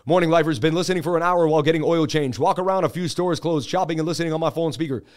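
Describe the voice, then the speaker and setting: A man hosting a crypto market livestream, talking through charts in a casual, animated and confident way. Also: fairly high pitch, racing.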